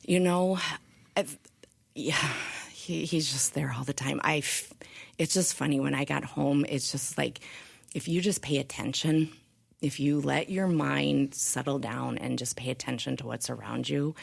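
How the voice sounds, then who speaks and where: A middle-aged woman speaking as a guest in a candid conversational interview, earnest and reflective, with halting restarts. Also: a bass voice. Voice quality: gravelly, husky. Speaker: podcast guest, author.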